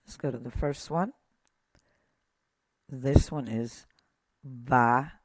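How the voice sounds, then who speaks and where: Slow, patient Hebrew teacher. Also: mid-range voice, mellow, slight background noise. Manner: methodical, points things out one by one; patient, pauses with fillers. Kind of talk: slow lesson.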